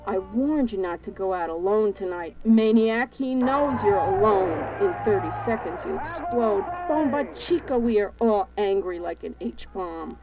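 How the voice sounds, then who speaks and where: A woman's voice: medium pitch, lively intonation, a little slow, few pauses, background noise. A woman performing spoken-word poetry, declaiming in a rhythmic, chanting cadence through long lists. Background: music.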